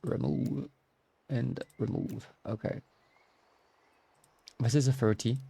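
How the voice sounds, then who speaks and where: A man's voice: medium pitch, steady tone, slow, vocal fry, warm tone, slightly rough, no echo. A man streaming a video game live, muttering to himself and poking fun at his own mistakes. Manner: muttering, self-deprecating. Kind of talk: live gameplay commentary.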